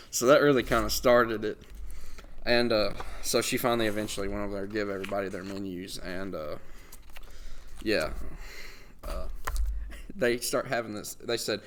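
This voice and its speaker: Young man telling a lively anecdote. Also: lowish voice, fairly quick. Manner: animated anecdote telling, laughs often. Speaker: podcast host. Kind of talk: casual storytelling.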